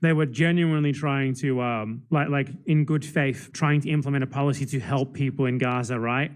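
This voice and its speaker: A man's voice: mid-range voice, fairly even intonation, normal speed. A man streaming political commentary and reacting to videos in a sarcastic, mocking manner.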